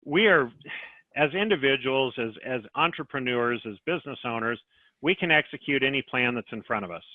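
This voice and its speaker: A man's voice: medium pitch, lively intonation, brisk, no room sound. Man coaching over a tinny line. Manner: coaching, guiding questions. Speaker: business coach. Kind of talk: podcast conversation. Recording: tinny phone-like line, dry.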